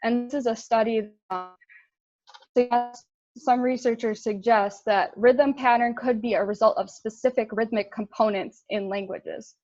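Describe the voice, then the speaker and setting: A woman's voice: a little high, steady tone, moderate pace, darkish tone, no echo, highs cut off. A young woman giving a casual intern presentation, chatty, with fillers and laughs at her own slips.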